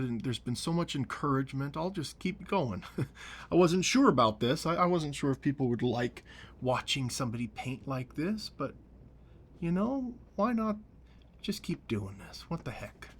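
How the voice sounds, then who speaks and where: Soft-spoken man murmuring while painting. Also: medium pitch, slightly rough. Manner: soft-spoken, often dropping to a near whisper while working. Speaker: painting show host. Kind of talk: relaxed painting tutorial with running commentary.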